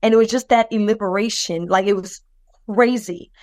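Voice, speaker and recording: A woman's voice: medium pitch, normal speed, no room sound. A woman on a podcast telling a personal story in a loose, rambling way, full of fillers and restarts, acting out the voices of the people in it. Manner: lively and expressive, acts out other people's voices. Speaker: podcast co-host.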